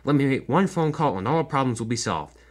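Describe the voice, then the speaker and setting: A man's voice: mid-range voice, lively intonation, brisk, breathy edge. A man voicing a bossy railway controller who talks brusquely and impatiently. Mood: stern.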